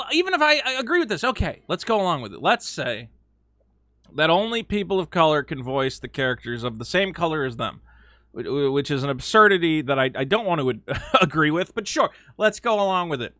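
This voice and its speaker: A man giving casual opinion commentary as a video host, animated and sarcastic, slipping into mocking quoted voices with frequent fillers. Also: fairly high pitch, a little fast, no echo, studio quality.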